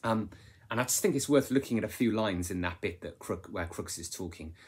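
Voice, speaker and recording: A man explains a novel in a relaxed lesson style, often ending points with tag questions. His voice is low and husky. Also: a little fast. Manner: conversational, asks rhetorical tag questions; restarts and fillers while explaining. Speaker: English literature teacher.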